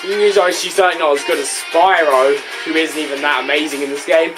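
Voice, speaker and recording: A woman's voice: sits low, fairly even intonation, fairly quick, over music. A woman giving a casual video game review, sarcastic and ranting, full of rhetorical questions and exasperated asides.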